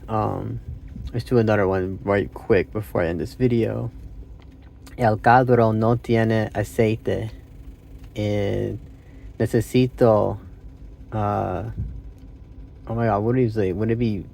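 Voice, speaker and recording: A man's voice: on the low side, brisk, creaky, warm tone, a little hiss or hum. A man hosting a casual language-practice vlog, thinking aloud and hesitantly correcting himself. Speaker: channel host.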